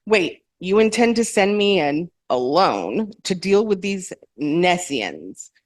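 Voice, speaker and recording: Woman reading as a mocking immortal sorceress, low voice, dry close sound, brisk lines. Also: big pitch swings, no echo, full character voice. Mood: defiant. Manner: smirking, mocking, self-assured. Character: defiant ancient woman with fire powers.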